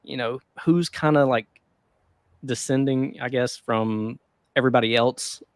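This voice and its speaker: A man's voice: mid-range voice, steady tone, a little slow, no room sound. A man co-hosting a casual podcast, rambling loosely with lots of fillers and frequent chuckles. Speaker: podcast co-host. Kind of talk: casual chat about the stock market.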